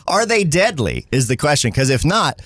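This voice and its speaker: A man from the northern United States co-hosting a casual podcast chat, relaxed and rambling, laughing easily. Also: a little high, moderate pace, no echo, studio quality. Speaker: podcast co-host. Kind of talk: casual chat reading viewer comments.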